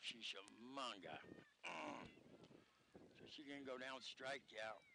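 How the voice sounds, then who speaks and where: A man calling a local softball game on the radio, joking and rambling between pitches at an outdoor field. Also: expressive, unhurried, gravelly, slight background noise, poor audio. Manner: jokey, rambling banter. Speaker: radio sports commentator.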